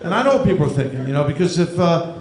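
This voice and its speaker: A man's voice: on the high side, sing-song, very fast. A man in his fifties from New Jersey, doing a stand-up comedy set with dry, self-deprecating delivery on a club stage. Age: 50s. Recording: echoey club room, audience noise.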